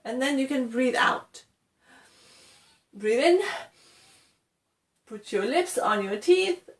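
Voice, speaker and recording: Slow, high-voiced English teacher woman. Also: lively intonation, roomy sound. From England. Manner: encouraging, repeats okay, demonstrates sounds. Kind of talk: pronunciation tutorial.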